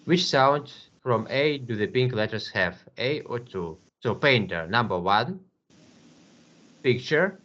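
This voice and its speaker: A man teaching English one to one, patient, repeating words slowly with many fillers. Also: medium pitch, animated, a bit bright, highs cut off. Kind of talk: online English lesson.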